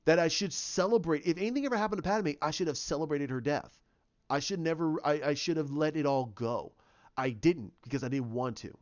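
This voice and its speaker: A man's voice: a little high, a little fast, a little mellow, natural voice. A man voicing a remorseful older male Jedi ghost in his own plain voice, speaking earnestly on a dull lo-fi recording.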